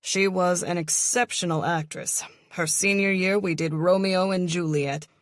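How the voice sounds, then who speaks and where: A woman's voice: on the low side, fairly even intonation, a little slow, no room sound, studio quality, lightly acted. A woman voicing a theatrical, effusive male drama teacher in his mid-thirties, read in an audiobook.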